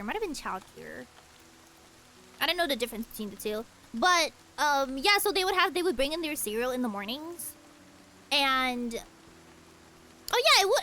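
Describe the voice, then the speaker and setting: A woman's voice: high voice, bright, forceful tone, a little hiss or hum. A young woman streaming a game, chatting casually and rambling through childhood stories with many restarts. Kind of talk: casual chat while gaming.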